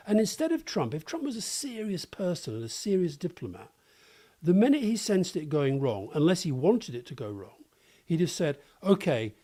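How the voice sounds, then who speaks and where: A man's voice: fairly high pitch, dark tone. A British man co-hosting a political podcast, speaking in an indignant, emphatic way. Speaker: podcast co-host.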